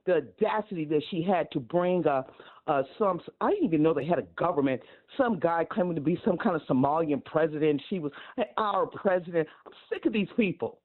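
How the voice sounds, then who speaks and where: A woman's voice: deep voice, lively intonation, fairly quick. A woman calling in to a talk radio show, indignant and venting. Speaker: caller. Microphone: telephone. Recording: tinny phone line.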